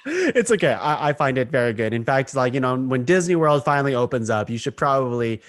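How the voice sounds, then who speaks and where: A young man hosting a casual podcast chat, chatty and quick to laugh, often restarting his sentences. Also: mid-range voice, lively intonation, dry recording, studio quality. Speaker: podcast host.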